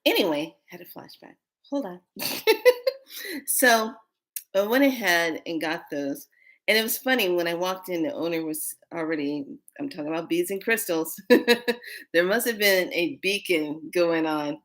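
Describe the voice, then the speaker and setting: Chatty low-voiced woman telling a story. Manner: chatty, excitable, rambling. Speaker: oracle card reader. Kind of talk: casual storytelling vlog.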